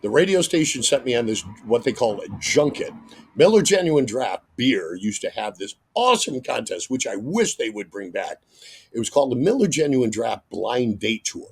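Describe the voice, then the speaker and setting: A middle-aged man, a radio host, telling an animated story as a guest and breaking into loud acted-out exclamations. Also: mid-range voice, normal speed, breathy edge.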